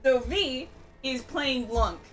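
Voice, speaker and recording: A woman's voice: high-pitched, animated, slow pace, soft background music. A woman chatting eagerly on a casual gaming stream, often laughing. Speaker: stream co-host.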